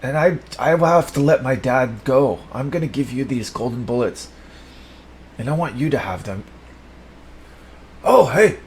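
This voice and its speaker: A man's voice: mid-range voice, moderate pace, a little hiss or hum. Rambling, profane improvising man. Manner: rambling, profane, swings between mumbling and shouting. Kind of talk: improvised absurd comedy monologue.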